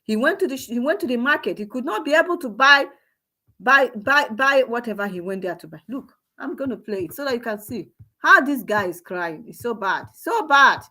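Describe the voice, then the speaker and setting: A woman's voice: fairly high pitch, expressive, a little fast, pushed and bright. Impassioned Nigerian woman lamenting. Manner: emotional, repetitive, exclamatory, preachy. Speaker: online commentator. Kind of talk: impassioned commentary monologue.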